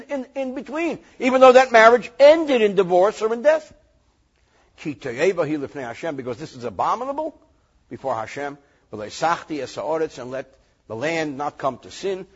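Animated high-voiced husky rabbi. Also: male voice, muffled recording. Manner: animated, joking, reads Hebrew verses then translates. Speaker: rabbi teaching Torah. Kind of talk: lively classroom lesson.

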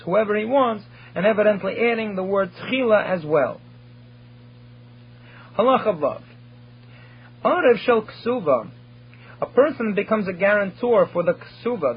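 A man's voice: high-pitched, slightly rough. A man teaching a recorded study lecture, explaining and translating Hebrew terms phrase by phrase. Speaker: Torah teacher. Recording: dull lo-fi recording.

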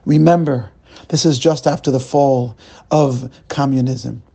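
Husky, gravelly storytelling rabbi. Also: male voice, medium pitch, steady tone, measured pace, warm tone. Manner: dramatic storyteller, addresses listeners as friends. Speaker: rabbi telling a weekly story. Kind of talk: storytelling sermon.

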